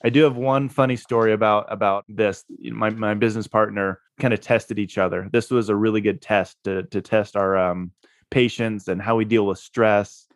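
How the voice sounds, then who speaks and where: A man's voice: lowish voice, fairly even intonation, normal speed, no echo, clean studio sound. A man being interviewed, telling a story in a laid-back way and laughing at himself. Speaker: guest, real estate investor.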